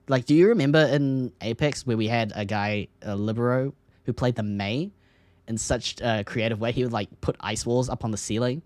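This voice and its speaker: Excitable Australian man on a podcast. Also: no room sound. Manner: excitable, laughs often, pitch jumps when hyped. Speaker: podcast co-host. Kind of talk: casual esports podcast chat.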